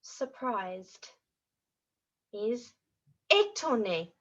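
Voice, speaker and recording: Bright lively lady teaching little kids, sing-song voice, kinda dull lo-fi sound. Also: a little high, slow. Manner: animated, sing-song, models words for repetition. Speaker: children's French teacher. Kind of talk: lively teaching for young children. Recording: dull lo-fi audio.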